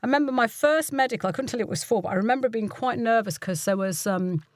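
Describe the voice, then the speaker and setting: A woman's voice: fairly high pitch, quick pace, no echo, clean studio sound. An older woman from the UK, a voiceover artist and coach, telling stories casually in an interview. She acts out the people she quotes and laughs often.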